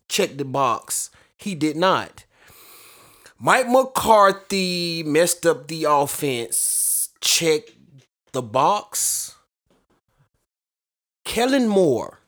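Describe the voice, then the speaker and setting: Slow, methodical male sports co-host. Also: a little high. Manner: methodical, lists points. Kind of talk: measured sports opinion.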